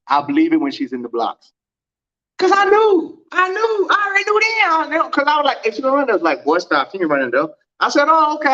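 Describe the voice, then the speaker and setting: Man, livestream host, casual storytelling, acts out dialogue, swooping animated pitch, dull lo-fi audio. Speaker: track and field livestream host. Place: at home.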